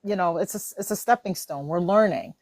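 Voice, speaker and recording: A woman in a casual faith-based discussion, animated and laughing, acting out her own inner voice. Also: lowish voice, a little fast, no room sound.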